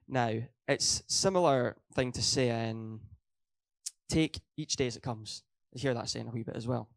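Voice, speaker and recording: A man's voice: mid-range voice, measured pace, gravelly. A young man preaching a sermon in a church hall, earnest, hammering his points home by repeating them and correcting his own slips.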